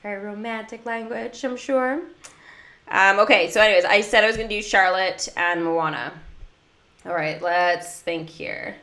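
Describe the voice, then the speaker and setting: A woman's voice: medium pitch, normal speed, pushed and bright. A woman chatting casually during a mobile game livestream, giggling often and answering her viewers' chat.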